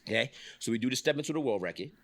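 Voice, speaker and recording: Middle-aged man, casual storytelling, lively swooping pitch, bright forceful voice, swears and laughs a lot. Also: very fast. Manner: animated, swearing, acts out quotes with big pitch jumps, laughs often. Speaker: podcast host telling industry stories.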